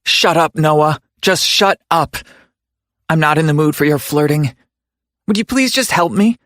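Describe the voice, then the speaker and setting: A man's voice: a little high, unhurried, a bit bright, dry recording, clean studio sound, pitched above the performer's own voice. A man voicing a feisty, sassy young woman in an audiobook, snapping indignant retorts. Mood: exasperated. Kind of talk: audiobook character voice.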